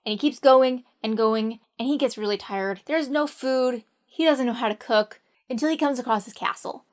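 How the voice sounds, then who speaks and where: A woman's voice: fairly high pitch, normal speed, few pauses. Playful woman retelling a fairy tale. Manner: playful, wry asides. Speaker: storyteller.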